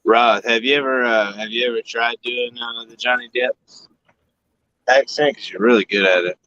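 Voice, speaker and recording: A man's voice: mid-range voice, moderate pace, pushed and bright, slight background noise. Teasing man on a lo-fi mic. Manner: joking, teasing. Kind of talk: casual podcast banter. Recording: dull lo-fi audio.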